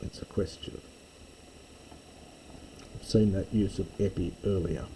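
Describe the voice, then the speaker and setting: A man teaching a slow reading lesson, explaining each word in turn with frequent pauses and fillers. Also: low-pitched, steady tone, warm tone, slight background noise, rough recording. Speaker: Greek teacher.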